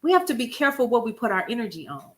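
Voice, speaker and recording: A woman hosting a casual livestream, talking to viewers in a folksy, expressive way, calling out names from the chat and telling stories with lively quoted asides. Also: on the high side, very fast. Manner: expressive, folksy, animated storytelling with chat shout-outs. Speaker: livestream host.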